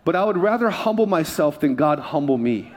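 A male pastor delivers a sermon in a church, his voice sitting a little higher than most men's. He talks in a loose, conversational way, joking with the congregation between his points. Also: lively intonation, brisk, darkish tone.

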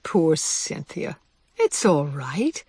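A woman voicing a caring mother mouse who speaks gently and soothingly, in a storybook reading. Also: mid-range voice, sing-song, a little slow, husky, no room sound, clean studio sound, heavily acted. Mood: gentle. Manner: gentle, soothing, trying to sound casual.

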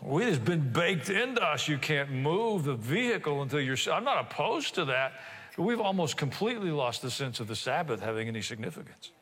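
An older male pastor delivers a sermon in a reverberant church hall, speaking conversationally with asides and rhetorical questions. His voice sits on the high side, fairly bright, and he is brisk and very animated.

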